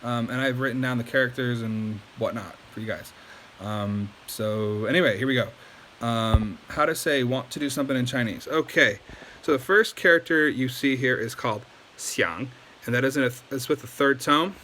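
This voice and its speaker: A man's voice: mid-range voice, moderate pace, pushed and bright, slight background noise. A man giving a casual video lesson, loose and chatty with many ums and likes. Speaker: language teacher.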